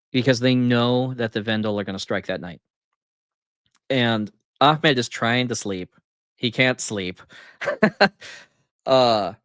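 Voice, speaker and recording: Middle-aged male co-host, animated storyteller who acts out quotes, dry close recording. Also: on the low side, dry recording. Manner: animated retelling, laughing often, acting out quotes. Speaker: podcast co-host. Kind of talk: casual storytelling chat.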